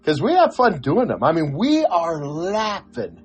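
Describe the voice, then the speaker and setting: A man's voice: on the high side, huge pitch swings, unhurried, soft background music. An older man, a podcast co-host, telling a story in casual chat, chuckling and acting out the quoted voices.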